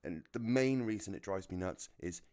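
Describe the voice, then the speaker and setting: A British man with a deep, low voice and a neutral, slightly posh-sounding accent talks casually while streaming a racing game. He rambles through tangents, drops the odd swear word and chuckles at his own jokes. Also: lively intonation, moderate pace, mellow. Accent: neutral British English. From United Kingdom. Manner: chatty, swears freely, laughs at own jokes. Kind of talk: casual chat while gaming.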